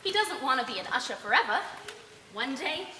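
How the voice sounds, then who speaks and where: Girl doing a childlike excitable woman, high bright voice, pleading, echoey stage from far back. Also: fairly quick, a little hiss or hum, heavily acted. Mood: earnest. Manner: pleading, breathless, bursting into cries. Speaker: stage actor in a school play. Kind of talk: live stage acting.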